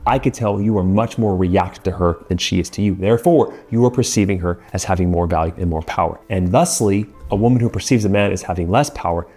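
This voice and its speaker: A male marriage coach speaks earnestly and assertively to the viewer. His voice is low, warm and a little husky. Soft music plays faintly behind him. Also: fast talker, few pauses. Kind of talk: advice monologue to the viewer.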